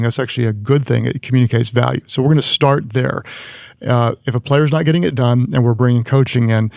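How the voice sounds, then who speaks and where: Earnest man with a gravelly voice. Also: medium pitch, a little mellow, dry recording, clean studio sound. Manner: earnest, frequent restarts and stammers. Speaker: guest. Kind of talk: conversational leadership advice.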